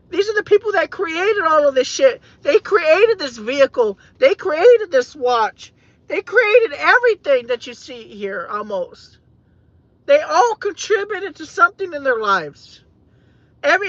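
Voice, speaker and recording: A woman vlogging in a car, talking in an emotional, halting, rambling way, repeating herself and saying "man" a lot. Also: high-pitched, sharp tone, no echo. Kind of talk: emotional off-the-cuff monologue. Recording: dull, dry lo-fi audio.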